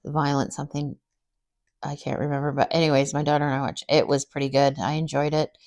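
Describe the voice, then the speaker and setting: A middle-aged woman chatting casually to camera as a craft vlogger, rambling through everyday stories with many fillers and animated bits when she quotes people. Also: sits low, fairly quick. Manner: animated when quoting others.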